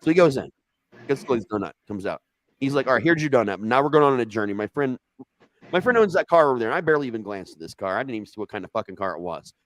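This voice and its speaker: Lively man telling a wild story. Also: dry recording, low-quality recording. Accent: Ohio. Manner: animated, swearing, jumps high when quoting himself. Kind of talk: casual storytelling.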